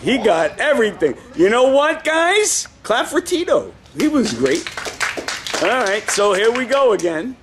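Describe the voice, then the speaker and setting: Playful, high-voiced karate instructor man. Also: unhurried, noisy background. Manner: playful, teasing, bursts into excited shouts. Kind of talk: coaching children in class. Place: indoor karate studio.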